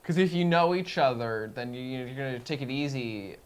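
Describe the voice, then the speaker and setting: A young man with a mid-pitched voice chats on a casual podcast. He jokes freely and cuts in with quick quips. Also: animated, smooth. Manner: joking, chiming in with quips. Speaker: podcast co-host. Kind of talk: casual chat.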